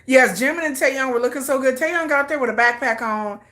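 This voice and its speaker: Bright, chatty woman host. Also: high voice, fast. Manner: chatty, excitable, breaks into acted quotes. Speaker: K-pop news host. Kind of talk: casual chat.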